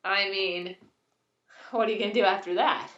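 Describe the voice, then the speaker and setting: A woman's voice: medium pitch, steady tone, moderate pace, a bit bright, recorded from a distance. A woman in her thirties chatting casually on a video call from her new house, rambling and laughing often. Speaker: podcast co-host. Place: new house, showing the yard. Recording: muffled, roomy, from off the mic.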